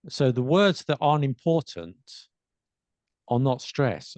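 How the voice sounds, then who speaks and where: A man's voice: medium pitch, animated, slow pace, pauses often, darkish tone, dry recording. A man co-hosting a podcast, explaining pronunciation tips in casual chat, thinking aloud with many restarts and demonstrating examples aloud. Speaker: podcast co-host.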